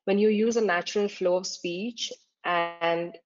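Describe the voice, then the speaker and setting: A woman's voice: on the low side, steady tone, measured pace. A woman tutor giving a slide-based lecture, explaining terms step by step with frequent "uh" fillers. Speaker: exam tutor. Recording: dull lo-fi recording.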